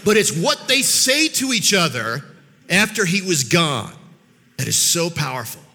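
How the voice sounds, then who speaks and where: A man giving a sermon as a guest speaker, telling a Bible story in an animated way, acting out the characters' voices and often repeating words as he goes. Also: on the high side, a little slow, creaky, big-room sound.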